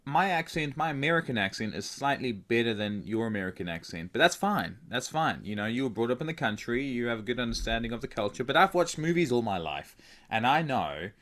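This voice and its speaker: A man's voice: medium pitch, very animated, brisk, fairly bright tone. Male co-host, mid-range voice, playful improvised podcast talk. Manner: joking, teasing, with many fillers and laughs.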